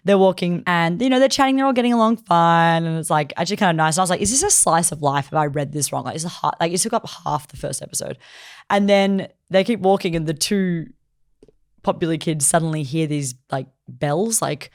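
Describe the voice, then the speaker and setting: Brief: woman podcast co-host, low voice, lively casual storyteller, fond of "like". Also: brisk. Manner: animated storytelling, acting out characters' lines with lots of "like". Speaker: podcast co-host reviewing anime. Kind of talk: casual chat.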